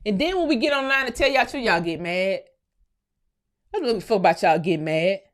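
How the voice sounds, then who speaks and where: A woman from the United States hosting her own channel, delivering a profane, heated commentary rant that swings from low muttering to shouting. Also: lively intonation, brisk. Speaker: channel host. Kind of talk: ranting commentary vlog.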